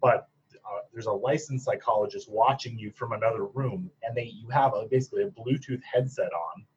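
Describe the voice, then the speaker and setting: With a husky voice on the low side, a man from the Upper Peninsula of Michigan talks fairly quickly as a psychologist guest in a casual interview. He chats away with plenty of fillers and laughs at his own anecdotes, on a dull, lo-fi recording.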